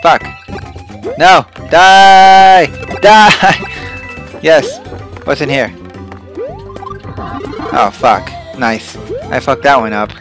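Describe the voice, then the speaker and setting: Excitable swearing gamer man yelling. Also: on the high side, very slow, long pauses, soft background music. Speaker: let's play host. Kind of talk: gameplay commentary.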